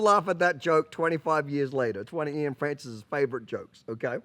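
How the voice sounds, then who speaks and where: Brief: outspoken male horse trainer, swearing freely, a bit high-pitched, talking to camera. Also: brisk, few pauses, fairly bright tone. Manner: blunt and profane, keeps asking "okay?". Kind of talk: casual monologue to camera.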